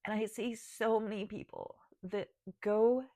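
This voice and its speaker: A woman's voice: mid-range voice, fairly even intonation, a little slow, warm tone, no echo, studio quality. A woman talking to camera about her spiritual path, emotional and choking up, sighing and restarting as she speaks. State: tearful. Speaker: spiritual guide and video creator. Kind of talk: personal talk to camera.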